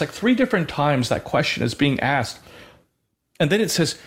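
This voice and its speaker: A man co-hosting a Christian show, speaking earnestly in a halting way, often restarting as he teaches and tells a personal story. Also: on the high side, lively intonation, creaky. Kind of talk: faith talk with personal storytelling.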